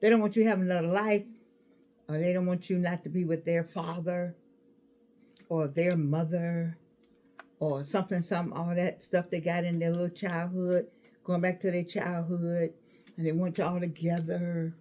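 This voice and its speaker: A woman in her sixties giving a casual motivational talk. She is animated, repeats her words and bursts into laughter, and she mentions a toothache. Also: fairly low pitch, normal speed. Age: 60s. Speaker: speaker addressing an audience.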